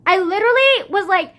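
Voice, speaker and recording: A teenage girl vlogs in casual chat with a very high, sharp voice. She leans heavily on "like" as filler, sighs often and swears bluntly.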